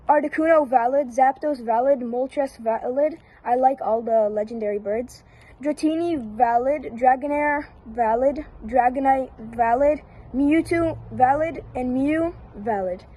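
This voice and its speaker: A woman giving casual one-word verdicts down a long list, flat and repetitive with brief hesitations. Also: high-pitched, poor audio. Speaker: YouTuber.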